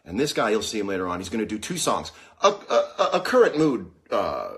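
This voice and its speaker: Talking fairly quickly in a lowish voice, a male host runs a laid-back livestream over his phone. His mouth is sore after dental trouble, yet he keeps up a rambling, jokey, lively monologue.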